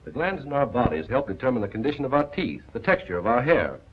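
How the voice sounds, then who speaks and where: An actor in a 1940s film playing an earnest male doctor, explaining a case in a measured way, on a dull lo-fi old film soundtrack. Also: mid-range voice, sing-song, noisy background, close to an everyday voice.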